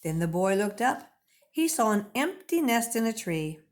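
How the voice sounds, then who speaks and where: A woman reading a picture book aloud to young pupils, expressive and clearly paced like a teacher. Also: a little high, moderate pace. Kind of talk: children's read-aloud.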